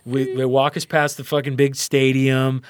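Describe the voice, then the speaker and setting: A man's voice: medium pitch, moderate pace, dry recording. Profane storytelling man, dry sound. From Louisiana, USA. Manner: profane, animated, quotes people in voices. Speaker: podcast guest. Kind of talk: casual storytelling.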